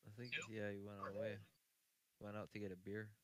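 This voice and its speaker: A man's voice: lowish voice, monotone, brisk, a crowd in the background, low-quality recording. A man in a casual online panel chat, joking around and hesitating over his words. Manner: hesitant, joking, full of fillers. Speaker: panel guest.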